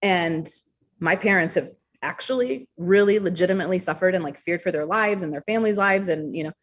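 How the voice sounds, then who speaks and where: A young adult woman talking candidly as a podcast guest, expressive and blunt, swearing freely. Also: on the low side, fairly quick. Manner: frank, expressive, swears freely, acts out quoted thoughts. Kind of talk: candid interview conversation.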